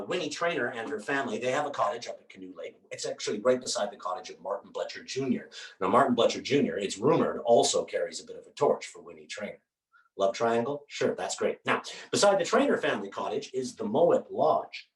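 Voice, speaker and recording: A man with a mid-range voice performs a one-man theatre show, telling his story animatedly with dramatic asides while painting on stage. The sound is roomy and distant, as if picked up from across the stage.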